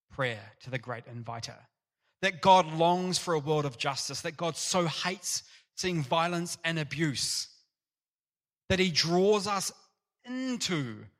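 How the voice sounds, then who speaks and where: A man preaching an earnest, animated sermon in a church. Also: fairly high pitch. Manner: earnest, animated, acts out parable voices.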